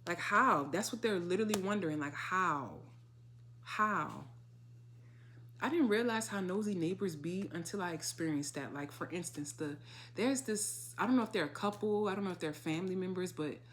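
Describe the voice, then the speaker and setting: A woman talks through a casual tarot reading in a somewhat low voice. She is animated and slangy, swears freely and breaks into dramatic asides. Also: slight background noise. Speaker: tarot reader.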